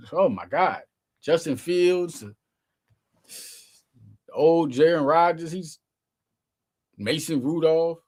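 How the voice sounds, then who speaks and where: A man hosting his own sports show, giving casual, slangy, emphatic commentary straight to his viewers. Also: a little high.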